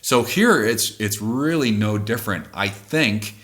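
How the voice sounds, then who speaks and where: A man who sings in a cover band, calmly explaining how he builds a track, pausing to correct himself as he goes. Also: on the low side. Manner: measured, thoughtful, self-correcting. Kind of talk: explaining music production.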